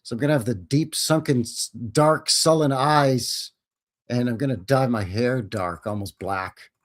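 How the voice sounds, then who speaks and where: A man's voice: mid-range voice, unhurried, natural voice. A man voicing a vain mustachioed man who is musing about landing a film role.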